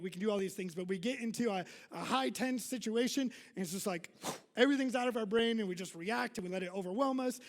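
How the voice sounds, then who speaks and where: A male pastor with a voice that sits high preaches casually to his congregation in a large church hall. His talk is chatty and self-deprecating, packed with filler words and side remarks.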